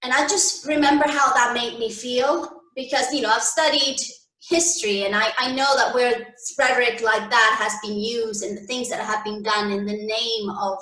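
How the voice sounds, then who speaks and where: A woman's voice: fairly high pitch, steady tone, moderate pace, bright, forceful tone, far from the mic. A young woman from Canada, speaking as a guest in an interview, thoughtful and hesitant, with fillers and restarts. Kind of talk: conversational interview. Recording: echoey room, a bit off-mic.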